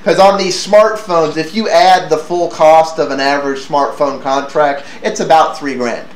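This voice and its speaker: A man's voice: a little high, steady tone, moderate pace. Stammering man in an echoey room. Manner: stammering restarts, laughs often. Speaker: podcast host. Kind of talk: casual tech chat. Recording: echoey room with faint noise.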